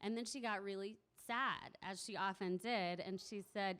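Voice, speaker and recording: A young woman with a medium-pitched, fairly even voice recounts a personal story at a community event, speaking at normal speed with hardly any pauses. She's warm with the live audience, laughs occasionally, and acts out voices in quotes.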